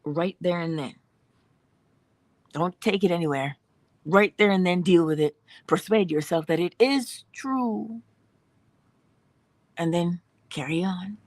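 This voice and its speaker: A woman hosting a morning inspiration livestream, giving an animated spiritual talk and dropping at times into whispers. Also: on the low side, a little slow, long pauses, dry recording. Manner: animated, acts out dialogue in voices, drops to whispers.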